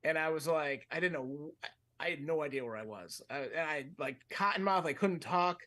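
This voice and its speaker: A man with a fairly high voice spins a long, loose story on a comedy podcast. He rambles, cuts himself off and chuckles through his own sentences. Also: moderate pace. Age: adult, with a fiance. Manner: rambling, animated, self-interrupting, laughs mid-sentence. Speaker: podcast co-host.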